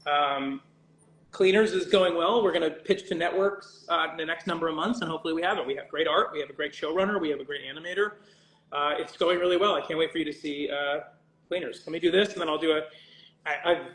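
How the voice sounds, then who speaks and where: A man's voice: on the high side, quick pace, a bit bright, reverberant. A man chatting casually on a livestream as he signs autographs for fans. He rambles, interrupts himself and swears jokingly. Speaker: voice actor signing autographs for fans.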